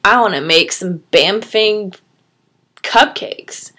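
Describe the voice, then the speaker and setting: A woman's voice: medium pitch, slow, pushed and bright. Woman quoting a brash, swearing young guy. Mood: offhand. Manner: casual, swearing, quoted offhand. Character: brash young man on an everyday errand.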